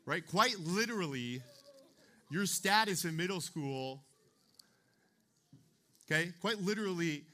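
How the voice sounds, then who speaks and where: A man's voice: on the high side, bright, forceful tone. A young man preaching a youth sermon in a chatty way, checking in with "okay?" and "right?" as he talks. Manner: chatty, keeps asking the room "okay?" and "right?". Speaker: youth pastor.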